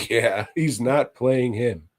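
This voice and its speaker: A man on a podcast recaps a movie in loose, profane chat, laughing often and tossing in quick mock voices. His pitch sits in an everyday middle range. He talks at an unhurried pace. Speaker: podcast co-host.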